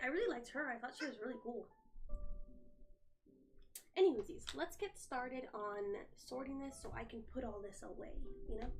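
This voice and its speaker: A fairly high-voiced young woman chats casually into her phone during a home livestream. She answers viewer comments as she tidies up, with a faint hiss underneath. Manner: chatty, reads and answers viewer comments while tidying. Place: home, indoors.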